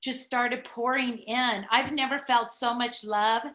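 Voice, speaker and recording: A middle-aged woman, a podcast guest, telling a personal story in a chatty, animated way with many fillers. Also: fairly high pitch, unhurried. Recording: echoey room.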